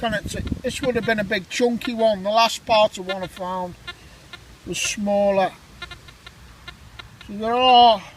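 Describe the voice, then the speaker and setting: A man's voice: high-pitched, rough recording. A man hosting a metal detecting vlog, chatting enthusiastically to viewers while outdoors in a windy farm field. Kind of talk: casual vlog commentary.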